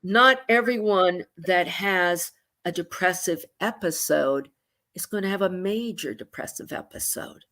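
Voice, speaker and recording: A woman psychotherapist explaining moods in a relaxed conversation, acting out her clients' thoughts with sighs and quick asides over a video call. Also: fairly low pitch. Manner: animated, acts out clients' inner voices with sighs. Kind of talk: conversational explanation with acted-out examples.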